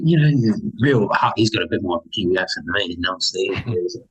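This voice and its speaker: A young man, chatting casually on a podcast as a guest and telling stories with lively acted-out voices. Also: low voice, brisk, slightly rough, dull audio. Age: young adult. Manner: animated storytelling, acts out other people's lines. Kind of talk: casual chat.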